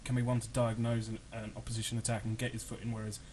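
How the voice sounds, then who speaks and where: A man's voice: lowish voice, completely flat delivery, fast talker, crowd noise. A man on a football fan podcast panel, talking in a matter-of-fact way. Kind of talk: casual football fan chat.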